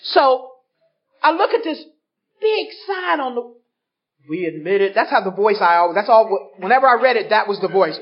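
A woman's voice: mid-range voice, moderate pace. A woman speaking at a recovery workshop, telling her story to a live audience and acting out the voices of people in it. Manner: animated, acts out voices in her stories. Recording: dull lo-fi recording.

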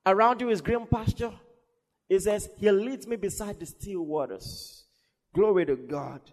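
High-voiced fervent male preacher in a hall. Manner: fervent preaching, swings between shouts and soft asides, laughs often. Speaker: pastor. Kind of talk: sermon. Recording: long reverb of a large hall.

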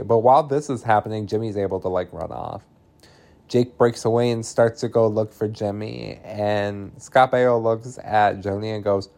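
Someone casually recaps a film plot in a chatty, sarcastic way, swearing freely and peppering the story with "like." The voice is medium-pitched and darkish, with a steady tone and a slightly slow pace.

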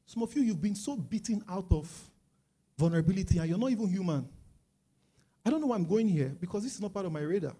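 A Nigerian man preaching with a fairly high voice. He is animated and acts out the people he quotes. His delivery climbs to loud, forceful passages. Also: fast, slightly rough. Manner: lively, acts out quoted voices, rises to loud emphatic stretches. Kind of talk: sermon.

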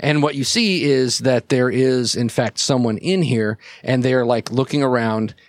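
A man's voice: mid-range voice, unhurried, dry recording. Dry-voiced man running a tabletop game. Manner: rambling, many fillers. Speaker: game master.

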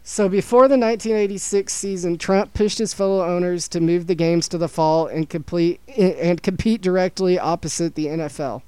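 A man with a high, smooth, resonant voice hosts a casual podcast. He tells a story from his notes and drops dry jokes along the way. The sound is close and dry, with no room behind it. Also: steady tone, normal speed, few pauses, a little mellow, dry recording, low-quality recording. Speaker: podcast host presenting a story.

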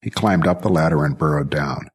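A man reading a science-fiction story aloud as narrator, with steady, even storytelling. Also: extremely low pitch, brisk, breathy edge. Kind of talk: scripted audiobook narration.

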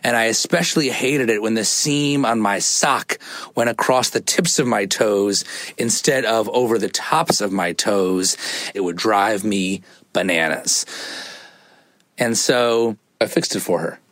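A man's voice: fairly low pitch, measured pace, no room sound. A man, a podcaster, telling a casual, playful story about his child, acting out the voices of his family. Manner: playful, animated, acts out quotes. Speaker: guest podcaster.

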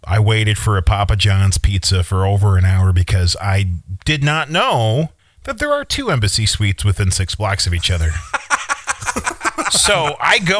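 A man in his thirties from Minnesota, co-hosting a casual chat. His fairly low voice swings widely in pitch as he rambles through stories with restarts. The sound is dry and close. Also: a bit bright, dry recording. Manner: rambling anecdotes with restarts and laughs. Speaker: podcast co-host.

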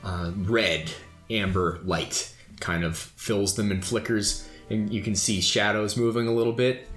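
Slow-talking male game master. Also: on the low side, steady tone, fairly bright tone, roomy sound, faint music behind. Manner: descriptive, loose with fillers. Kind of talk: narrating a tabletop game.

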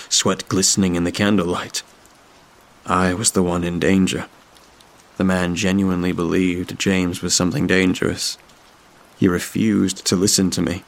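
A man tells a horror story in a steady, measured voice. His voice is very deep and gravelly, with a flat delivery that barely rises or falls. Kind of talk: scripted horror story narration.

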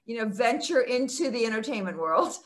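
Older actress guest, chatty storyteller, laughs a lot, video call audio. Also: female voice, on the high side, very animated, fairly quick. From Texas. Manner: chatty, laughs often while telling stories. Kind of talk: casual interview storytelling.

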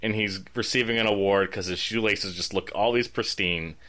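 A man from Michigan co-hosting a casual podcast, playful and quick to laugh as he sets up silly scenes. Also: fairly low pitch, sharp tone. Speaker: podcast co-host.

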